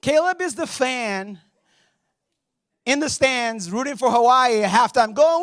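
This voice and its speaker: A man preaching to a church gathering in a very high, lively voice that swoops up and down. He tells the story with energy, acts out voices and laughs often, and the sound is dry and close. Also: measured pace, dry recording. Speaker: pastor. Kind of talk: sermon.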